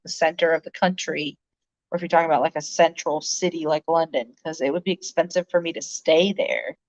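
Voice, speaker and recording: A woman hosting a livestream, chatting casually with viewers in a rambling way, full of fillers and laughs, recorded on a phone. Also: low-pitched. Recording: dull lo-fi phone audio.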